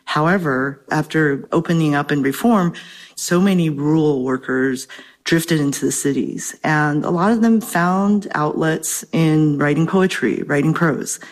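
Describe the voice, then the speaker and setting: A woman's voice: deep voice, a little slow. A woman professor answering interview questions in an articulate, academic way, slightly out of breath. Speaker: professor and guest expert.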